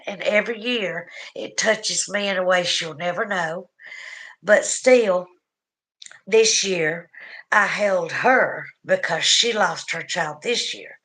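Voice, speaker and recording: A woman's voice: medium pitch, fairly bright tone, low-quality recording. Tearful Southern woman hosting a livestream. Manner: rambling, often trails off with "anyways". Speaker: livestream host. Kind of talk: emotional livestream chat.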